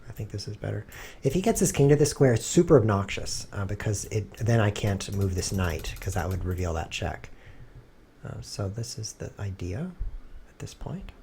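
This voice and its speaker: Gravelly low-voiced man muttering deadpan. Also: moderate pace, a little hiss or hum. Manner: dry deadpan joking, low muttering asides. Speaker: chess streamer. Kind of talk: thinking aloud while playing chess online.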